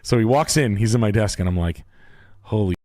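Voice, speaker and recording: A man telling a casual, rambling story, loud and animated, with stumbling restarts. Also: lowish voice, fast.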